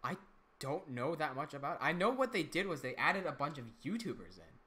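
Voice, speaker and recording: A man's voice: fairly high pitch, sing-song, a little fast, pushed and bright. A young man hosting a casual livestream, chatting loosely, reading out viewer comments and restarting his sentences often. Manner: chatty, reads out chat comments, frequent restarts. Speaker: livestream host and animator.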